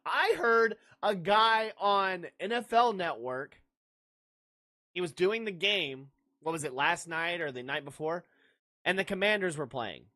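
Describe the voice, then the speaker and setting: A man's voice: sits high, pushed and bright. Brash ranting sports podcast man. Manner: brash, ranting, blurts dismissive outbursts; jokey, laughs at own lines. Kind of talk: livestreamed sports talk, answering chat.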